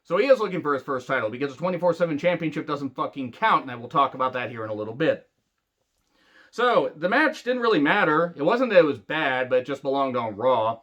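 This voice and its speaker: A man's voice: a little high, animated, fast, fairly bright tone, lo-fi sound. A man ranting angrily and sarcastically in a wrestling review, swearing heavily. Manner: angry, sarcastic, heavy swearing. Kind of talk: profane rant review.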